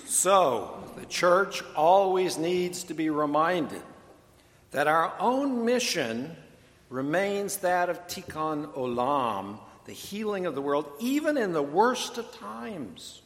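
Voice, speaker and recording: A male pastor preaching a sermon in a deliberate, measured way, with touches of dry humor. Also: on the high side, big pitch swings, a bit bright. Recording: echoey hall, long reverb.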